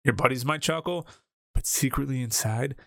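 Bright, crisp ranting man. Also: medium pitch, normal speed, no room sound, clean studio sound. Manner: ranting, exasperated, blunt. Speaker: podcast co-host. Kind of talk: casual sports podcast rant.

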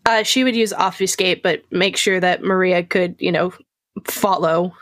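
A woman describing her character's actions in a tabletop game, relaxed and easygoing. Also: on the low side, measured pace, dry recording. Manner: relaxed, laughs often. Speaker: player. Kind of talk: casual tabletop play.

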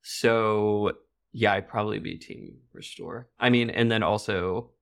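Podcast cohost, mid pitch, wry jokey chat. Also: steady tone, unhurried, vocal fry. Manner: wry, joking, agreeable. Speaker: podcast co-host. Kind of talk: casual chat.

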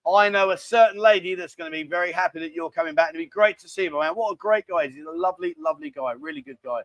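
A man's voice: sits high, fast, a bit bright, dry recording, dull audio. A man hosting a live stream, rambling and bantering casually as he reads out viewer comments. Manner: rambling, chatty, cheeky banter. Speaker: livestream host.

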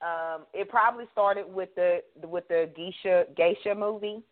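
A woman's voice: mid-range voice, unhurried. A woman hosting a radio interview, chatty and curious, asking questions and correcting herself as she goes. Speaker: radio show host. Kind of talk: casual interview chat. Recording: tinny phone line.

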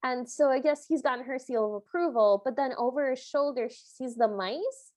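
A woman with a high-pitched voice co-hosts a podcast at normal speed, with no room sound. She recaps a film in casual chat, animatedly acting out the characters' lines in quotes.

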